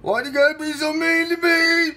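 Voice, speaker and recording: A man's voice: a little high, expressive, a little fast, fairly bright tone, breathy edge. A man playing a touchy country man who washes dishes people mail him, swinging from whiny to threatening and swearing a lot. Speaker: host. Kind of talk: comedy sketch video.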